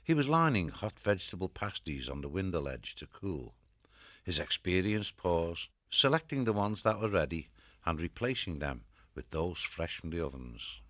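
A man narrating a children's fantasy audiobook in a measured, even storytelling manner. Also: deep voice, dry recording, studio quality.

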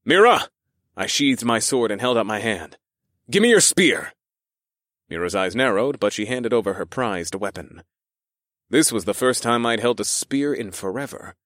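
A man's voice: on the low side, normal speed, a bit bright, no echo. A man narrating a first-person fantasy audiobook with a dramatic, wry delivery on a close mic.

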